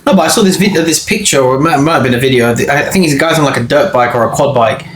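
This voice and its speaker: A man, chatting on a podcast with quick, slangy interjections. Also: mid-range voice, roomy sound, slight background noise. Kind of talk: casual chat.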